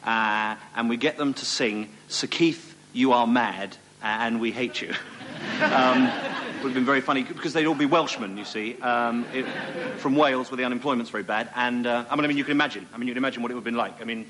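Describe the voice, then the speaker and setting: A man's voice: medium pitch, brisk, a bit bright, a little hiss or hum, lightly acted. A man playing a flustered TV presenter, apologising and rambling to a studio audience with many ums and restarts. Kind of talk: mock-apologetic comedy monologue.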